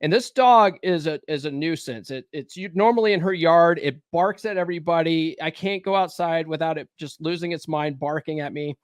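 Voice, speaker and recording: A man with a fairly high voice hosts a podcast, chatting casually and telling a profane story. The sound is dry and close, with no room around it. He swears freely as he talks. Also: fairly quick, hardly any pauses, clear, resonant tone, no echo. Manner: profane storytelling, acts out shouting. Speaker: podcast host.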